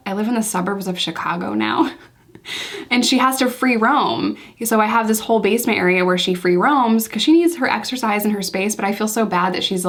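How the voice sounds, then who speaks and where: A woman guest on a podcast, chatting casually and laughing often as she tells stories. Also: medium pitch. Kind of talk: casual chat.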